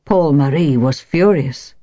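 Anxious battered wife in a storybook reading, hoarse and soft, as a woman reads her, mellow tone in a dull, dry recording. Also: sits low, a little slow, no echo. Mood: hushed. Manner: quavering, bursts out shrilly.

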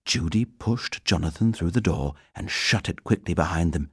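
A man reading a children's story aloud as narrator, gentle and expressive. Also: low voice, moderate pace, few pauses, husky, dry recording, studio quality.

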